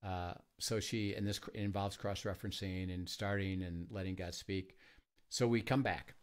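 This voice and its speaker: A man who leads a ministry tells stories in a conversation, halting often with fillers and restarts and acting out the quoted dialogue. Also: sits low, fairly even intonation. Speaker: ministry leader. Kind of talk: conversational storytelling.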